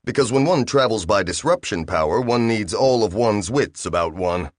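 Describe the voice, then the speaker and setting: A man narrating an audiobook in a measured storytelling manner. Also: fairly low pitch, expressive, no room sound, clean studio sound. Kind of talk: scripted narration.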